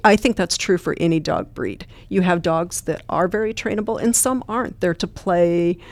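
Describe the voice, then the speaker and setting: Lowish woman's voice, earnest plain talk about her dogs, interview guest. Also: animated, moderate pace, no echo. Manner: earnest, plain-spoken anecdotes. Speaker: guest, therapy dog trainer. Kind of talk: storytelling interview answers.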